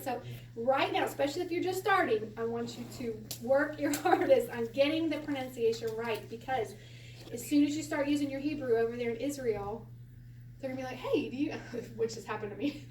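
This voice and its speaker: A woman teaching a Hebrew lesson to a class, animated and quick to laugh as she acts out quotes. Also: high voice. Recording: echoey room from a distance, faint hiss.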